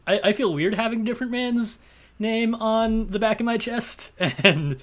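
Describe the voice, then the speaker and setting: A man's voice: high-pitched, moderate pace. A man co-hosting a podcast, chatting casually, joking and laughing often. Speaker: podcast co-host. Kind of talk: casual chat.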